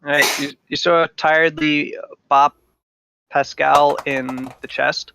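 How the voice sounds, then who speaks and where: A man running a tabletop game as game master over a voice call, narrating in a relaxed, wry way. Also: a little high, slow pace, gravelly, slight background noise.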